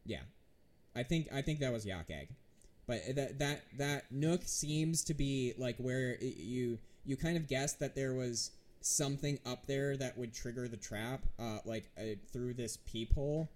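A man narrating as game master for a tabletop role-playing game. He talks slowly and hesitantly, pausing and restarting as he lays out the scene in a mid-pitched voice. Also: a little mellow. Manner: hesitant, many fillers and restarts.

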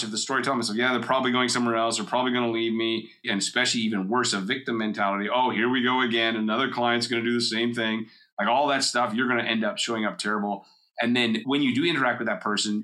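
Pitched on the low side, this middle-aged man sounds pushed and bright as he hosts his solo coaching podcast. His style is chatty, built around personal anecdotes and quotes he acts out from daily life.

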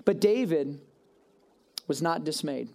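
A young man giving a casual, animated sermon to a youth group, with self-deprecating asides. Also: on the high side, takes it slowly, vocal fry. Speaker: youth pastor. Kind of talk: animated sermon retelling a story.

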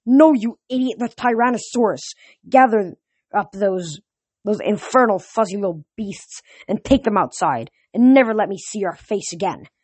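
A reader voicing an irritable, commanding male villain general who barks orders and sneers, a bit higher and louder than their own voice. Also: normal speed, no echo, natural voice. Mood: scornful. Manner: barking orders, scornful.

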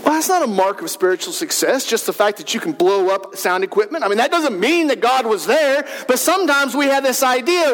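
Preacher man, really high voice, earnest questions, big church reverb. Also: expressive, fast talker, hardly any pauses, a bit bright. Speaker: pastor. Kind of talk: sermon.

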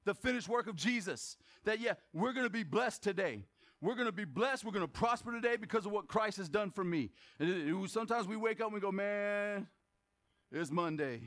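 Man, very high-pitched voice, pastor, lively sermon, call-and-response questions, joking asides, sudden shouts. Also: fast. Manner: bursts into shouts for emphasis. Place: church service.

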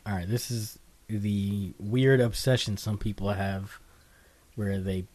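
A man's voice: on the low side, fairly even intonation, slow, a little mellow. A man co-hosting a casual comedy podcast, easygoing and laughing a lot. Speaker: podcast co-host.

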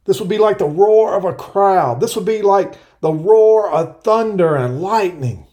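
A man preaching an earnest verse-by-verse sermon, explaining scripture and reading passages aloud slowly. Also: high-pitched, animated, a little mellow. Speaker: pastor. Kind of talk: Bible-teaching sermon.

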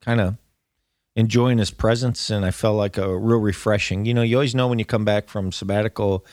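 A man's voice: on the low side, steady tone, brisk, darkish tone, no room sound, clean studio sound. A middle-aged man hosting a casual chat in an easygoing, folksy way. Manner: easygoing and folksy, with a laid-back drawl. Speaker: host.

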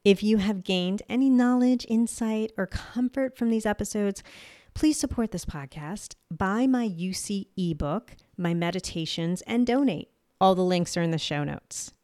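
A woman's voice: mid-range voice, a little slow, mellow, no room sound, clean studio sound. Candid New Jersey woman hosting a podcast. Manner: candid and casual, swears lightly, laughs at herself. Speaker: podcast host. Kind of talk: solo health podcast monologue.

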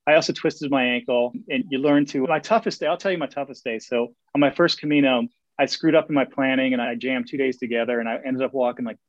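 A man telling stories as an interview guest, eager and quick, often repeating words as he restarts sentences. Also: mid-range voice, no echo. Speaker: guest, Camino walker and author. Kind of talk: casual interview storytelling. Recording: dull, dry lo-fi sound.

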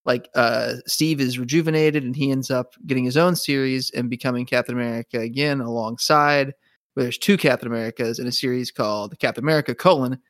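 A man of middle pitch talks in casual podcast chat, rambling and enthusiastic, and laughs now and then. The mic is close and dry, with no room sound. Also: fairly even intonation, a little fast, no echo. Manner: rambling, enthusiastic, many fillers and restarts, laughs. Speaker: podcast co-host.

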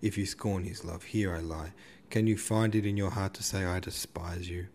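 An earnest, melodramatic suitor pleads and implores in solemn, overwrought tones, read by a man. The voice sits low and deep, with a faint hiss in the background. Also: steady tone, moderate pace, darkish tone, natural voice. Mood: imploring.

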